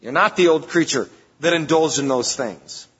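A husky, fairly high-pitched man preaches as pastor, conversational but emphatic, with sudden lifts in force. The recording is dull and lo-fi. It carries a long reverb from a church sanctuary. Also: normal speed, fairly bright tone. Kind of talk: sermon.

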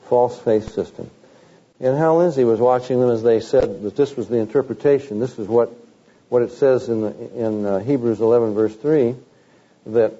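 A man preaching a sermon, animated, with rising emphasis and mocking quotes of the teachers he criticizes. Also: fairly low pitch, slightly rough, highs cut off.

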